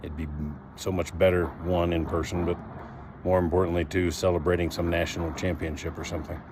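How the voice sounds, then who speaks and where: Halting low-voiced man reading a tribute. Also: level tone, noisy background. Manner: halting, reading from notes with many ums and uhs. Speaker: former rugby player. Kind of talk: recorded memorial tribute read from notes.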